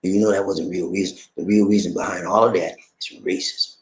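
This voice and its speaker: A middle-aged man talks in an emphatic, preachy, conversational way. His voice sits fairly low. The room around him is echoey. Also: fairly even intonation, a little fast. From American South. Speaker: commentator. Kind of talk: impassioned personal commentary.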